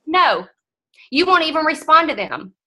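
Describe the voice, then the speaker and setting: A woman, giving a frank, animated motivational talk to her team as guest speaker. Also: high voice, normal speed, low-quality recording.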